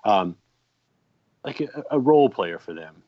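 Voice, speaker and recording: Low-voiced man telling a rambling story. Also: expressive, measured pace. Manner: rambling anecdotes with many ums and restarts. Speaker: podcast co-host. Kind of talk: casual storytelling. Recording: dry, slightly muffled podcast mic.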